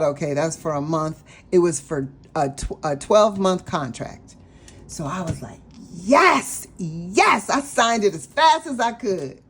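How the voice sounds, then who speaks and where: A woman vlogging about her budget, telling a personal story in a chatty, animated way and talking straight to her viewers. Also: medium pitch, slight background noise. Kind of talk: casual storytelling vlog.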